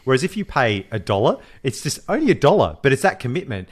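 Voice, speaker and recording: An Australian man co-hosting a podcast, talking in an animated, jokey way with his mate. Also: medium pitch, quick pace. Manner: animated, laughing banter. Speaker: podcast co-host. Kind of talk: casual podcast chat.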